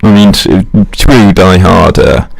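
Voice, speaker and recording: A young Englishman talks alone in a loose, meandering monologue. His voice sits very low, with a gravelly, fry-laden edge. He drifts between random facts and jabs at himself, chuckling at his own asides. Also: slow pace, soft background music. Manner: rambling, self-mocking, chuckles at own jokes. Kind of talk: rambling casual monologue.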